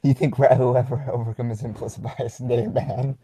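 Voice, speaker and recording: A young man talks loosely on a livestream, reacting to viewer comments. His speech is halting and full of ums, with an ordinary middle pitch. The recording is close and dry, with no room sound. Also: steady tone, mellow, slightly rough, no room sound, low-quality recording. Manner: halting, many filler ums, chuckles while reading. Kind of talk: casual livestream chat.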